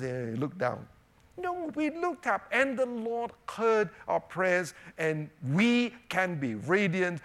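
A man preaching a sermon as pastor, animated, moving between emphatic raised lines and quiet asides, often checking in with "you know" and "right?". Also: high voice. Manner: frequent "you know" and "right?" tag questions.

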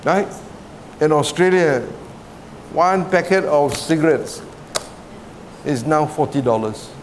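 A man's voice: fairly high pitch, lively intonation, takes it slowly, slight background noise. A middle-aged man from Singapore with a Singaporean English accent, preaching a sermon in a conversational way, often checking with the congregation and laughing between points.

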